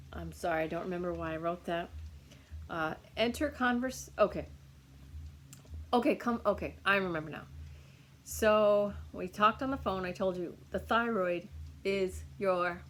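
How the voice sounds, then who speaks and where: A woman's voice: mid-range voice, a little hiss or hum. A woman giving a casual, rambling recorded healing reading to a client, with lots of fillers and restarts. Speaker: energy healer reading for a client.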